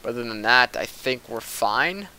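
Bright-voiced young man commenting on gameplay. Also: mid-range voice, moderate pace. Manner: excitable, talks to the players on screen. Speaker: gaming commentator.

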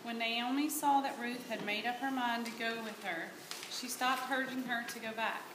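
A woman's voice: a little high, normal speed. A woman with a Southern American accent narrating a Bible story aloud in church as a volunteer reader. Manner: plain steady storytelling read. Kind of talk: reading scripture narration. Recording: echoey church room with hiss.

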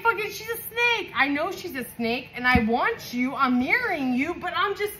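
A woman from California doing a loose, foul-mouthed tarot reading. Her high voice swings up and down with excitement and has a bright edge. A faint hiss sits behind her. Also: poor audio. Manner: profane, excitable, laughing often. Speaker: tarot reader.

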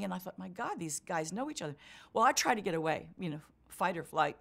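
An older woman being interviewed, telling a story with lively acted-out quotes. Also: lowish voice, fairly quick, vocal fry. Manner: vivid storyteller acting out quotes. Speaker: interviewee, marathon runner.

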